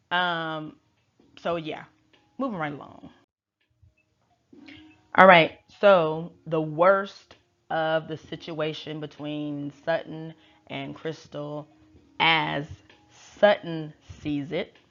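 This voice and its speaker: A woman's voice: deep voice, steady tone, takes it slowly, long pauses, fairly bright tone. A woman tarot reader recapping in a chatty, slangy and wry casual way. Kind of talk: casual chat. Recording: dull lo-fi recording.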